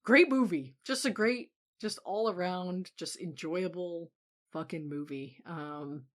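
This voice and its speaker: A woman with a fairly low voice co-hosts a casual film podcast. She talks with loose enthusiasm, breaks into laughter often and lets her sentences trail off into fillers. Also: slow pace. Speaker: podcast co-host.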